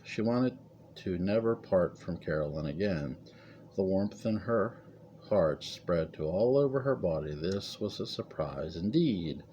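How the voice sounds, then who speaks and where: A man narrating a gothic family story in a measured, dramatic reading. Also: sits low, lively intonation, mellow, slight background noise.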